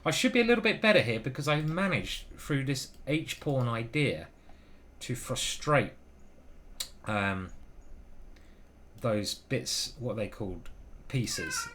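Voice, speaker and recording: A man's voice: medium pitch, animated, a little slow, long pauses, fairly bright tone. Chatty man commentating chess. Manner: chatty, swears casually, thinks aloud. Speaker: chess grandmaster streamer. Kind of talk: live game commentary.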